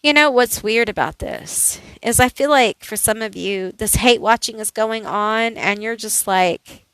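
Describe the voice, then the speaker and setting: A woman's voice: a little high, a little slow, hardly any pauses, fairly bright tone, clear, resonant tone, no room sound, low-quality recording. A woman doing a casual tarot card reading, thinking aloud in a chatty way with many fillers. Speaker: tarot reader.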